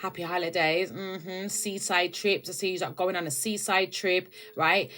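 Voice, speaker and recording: A woman's voice: lowish voice, steady tone, a little slow, a bit bright, slight background noise. A woman with a British accent giving a casual spiritual tarot reading, talking straight to her viewers and often checking in with "all right?". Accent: British English. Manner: chatty, keeps asking "all right?" and "okay?". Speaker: tarot reader.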